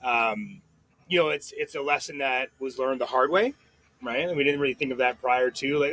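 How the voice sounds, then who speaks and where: A man's voice: mid-range voice, a bit bright, low-quality recording. Male podcast host, mid-range voice, rambling anecdotal storyteller, casual and profane, light background hiss. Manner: rambling storytelling with quick asides and swearing. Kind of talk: casual chat.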